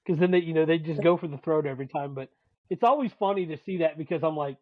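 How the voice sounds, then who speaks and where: Man, slightly high voice, casual podcast banter, profane storyteller, dull lo-fi audio. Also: fast talker, no echo. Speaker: podcast co-host; youth sports dad and coach.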